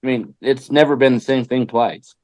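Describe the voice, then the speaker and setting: A man's voice: mid-range voice, fairly even intonation, normal speed, a little mellow. A man, a race-driver guest on a podcast, talking bluntly with constant swearing and stumbling restarts. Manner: blunt and profane, repeats words as he starts. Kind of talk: casual chat.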